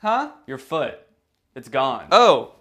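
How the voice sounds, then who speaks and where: A man playing a panicked survivor in a comic sketch, shouting in an over-the-top way. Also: on the high side, very animated, slow pace, heavily acted. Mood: frantic.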